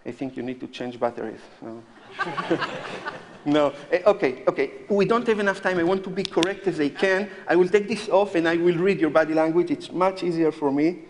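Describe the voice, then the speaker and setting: A man's voice: a little high, brisk, crowd noise. A man performing as a mentalist on a live stage, joking nervously with volunteers in slightly unidiomatic English. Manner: joking, nervous, non-native phrasing. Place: large theatre stage before a live audience. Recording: live stage sound with long hall reverb and audible noise.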